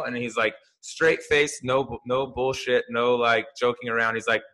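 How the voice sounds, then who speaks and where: A man on a sports podcast chats loosely, piling up restarts and fillers as he tells a story. His tone is bright and his pitch sits in the middle of the range. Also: fairly even intonation, moderate pace, hardly any pauses, poor audio. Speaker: podcast co-host, golf fantasy analyst. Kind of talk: casual podcast chat.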